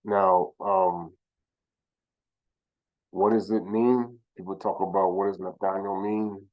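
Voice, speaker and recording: A man giving informal religious teaching who sounds out names slowly, corrects himself, and asks rhetorical questions. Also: low-pitched, fairly even intonation, muffled recording. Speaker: teacher of scripture.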